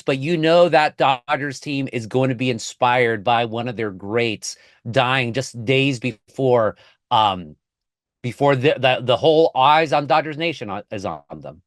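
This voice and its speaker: A man's voice: medium pitch, animated, a little slow, fairly bright tone, no echo, clean studio sound. A man from Southern California, a newspaper columnist talking as a guest on a podcast, speaking emphatically and slipping into Spanish phrases. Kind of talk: casual podcast conversation.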